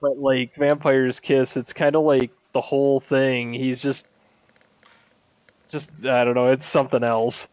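A man's voice: mid-range voice, level tone, measured pace, darkish tone, no echo. A man chatting casually as a podcast co-host, rambling with lots of fillers and laughing as he tells stories. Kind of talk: casual chat.

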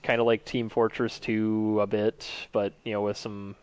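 A man in casual conversation about video games, relaxed and rambling with lots of fillers. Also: on the low side, moderate pace, clear, resonant tone, dry recording.

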